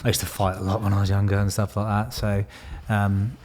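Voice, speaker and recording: Bloke, low-ish voice, swears a lot telling old stories. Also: male voice, level tone, a little fast, darkish tone, a little hiss or hum. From Bristol, England. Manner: swears freely, laughs through stories. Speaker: podcast guest, former Royal Marine. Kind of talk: casual storytelling.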